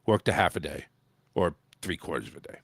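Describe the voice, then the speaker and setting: A man's voice: low-pitched, animated, fairly quick, creaky, no room sound. A man hosting a talk show, venting angrily and swearing a lot about his sales job. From United States. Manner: angry, profane ranting. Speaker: host. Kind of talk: casual talk show rant.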